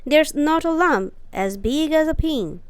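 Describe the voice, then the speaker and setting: A woman voicing a bossy, sharp-tongued young girl who scolds and snaps. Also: sits high, animated, unhurried, no room sound, pitched above the performer's own voice. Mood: sharp, scolding. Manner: snappish and scolding.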